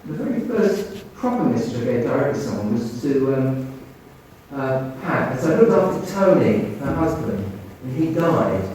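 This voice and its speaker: Animated storytelling man in an echoey room. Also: mid-range voice, moderate pace. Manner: animated anecdotal storytelling, acting out quoted voices. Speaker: doctor and medium. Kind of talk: storytelling in an interview. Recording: echoey room, speaker far from mic, faint noise.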